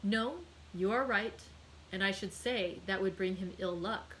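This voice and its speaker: Danglars is a cool, scheming man who drops sly, insinuating remarks in a dry, even voice, as a woman reading aloud puts him on. He stays calm and needling, as in a storybook read-aloud. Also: medium pitch, a little slow, slight background noise, lightly acted, poor audio.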